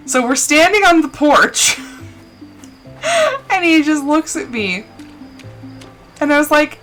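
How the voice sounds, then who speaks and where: Young woman, streamer, tearful, crying, casual storytelling, highish bright voice. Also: expressive, unhurried, pauses often, soft background music, rough recording. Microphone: desk mic, no camera.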